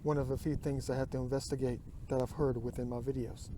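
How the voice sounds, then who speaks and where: A man's voice: mid-range voice, level tone, quick pace, few pauses, background noise. A man vlogging from his kayak on a lake, musing aloud into his phone and drifting into murmurs and whispers. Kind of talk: rambling outdoor vlog.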